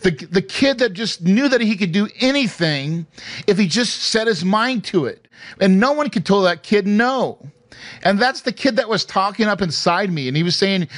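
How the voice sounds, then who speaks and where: A middle-aged man tells a personal story on a podcast with earnest emphasis, stumbling over restarts as he goes. His voice sits a little high for a man. The recording is dry and close, with no room sound. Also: lively intonation, moderate pace, a bit bright, no room sound. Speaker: real estate investor telling his story. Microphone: studio mic.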